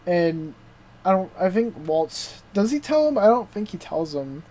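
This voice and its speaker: Slangy, excitable young man chatting. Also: high voice, measured pace. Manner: excitable, slangy, heavy swearing, constant "dude" and "like" fillers. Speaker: podcast co-host. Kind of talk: casual chat recapping a TV show.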